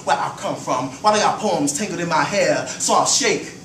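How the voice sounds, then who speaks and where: A man with a fairly high voice performs spoken-word poetry, rhythmic and swinging from hushed lines to loud chanted refrains. He is recorded live from a distance, so the voice sounds roomy and echoey. Room noise is clearly audible behind him. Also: a little fast. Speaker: performance poet. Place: open mic venue.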